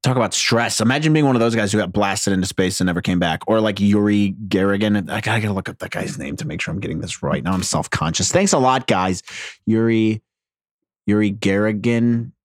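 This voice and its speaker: A man's voice: fairly low pitch, a little fast, no room sound, studio quality. A man from New Jersey rambling through a casual monologue, profane, sarcastic and self-deprecating.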